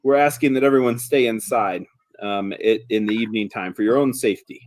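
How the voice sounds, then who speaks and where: A man's voice: on the low side, brisk, dry recording, lightly acted. A man voicing a wary male town guard who warns newcomers at length about local dangers. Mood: warning. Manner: cautious, explains at length.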